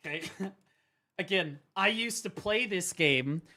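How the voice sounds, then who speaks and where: A young man streaming a game, ranting and swearing excitedly as he explains it. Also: sits high, takes it slowly. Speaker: gaming streamer. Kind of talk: live gaming commentary.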